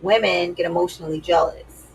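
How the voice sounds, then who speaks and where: A woman's voice: on the low side, steady tone, fairly quick, creaky, a little hiss or hum, low-quality recording. A woman giving dating advice to her viewers in a sassy, emphatic, casual way. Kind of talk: casual advice talk to camera.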